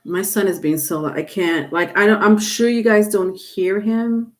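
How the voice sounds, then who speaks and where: A woman's voice: mid-range voice, fairly even intonation, normal speed. A woman doing a live-stream tarot reading, chatting casually and reading viewer comments aloud. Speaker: tarot reader.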